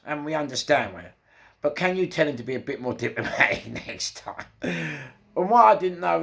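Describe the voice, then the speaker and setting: A man with a London accent casually telling a crime story, swearing freely and acting out the quotes. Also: on the high side. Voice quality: gravelly. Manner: swearing, animated retelling with acted quotes.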